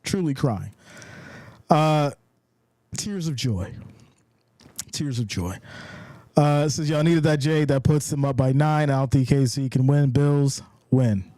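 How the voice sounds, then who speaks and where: Hyped on big plays, a football reaction streamer shouts and cheers with casual slang, calls the action and reads chat messages aloud live. He speaks a little slowly in a fairly high voice, pausing often, with no echo.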